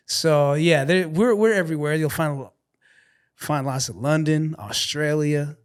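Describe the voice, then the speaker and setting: A Canadian-raised man, a guest comedian, chatting and telling animated stories on a podcast. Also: on the high side, unhurried, clean tone. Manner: animated storyteller, slips into mock accents. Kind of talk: casual podcast chat.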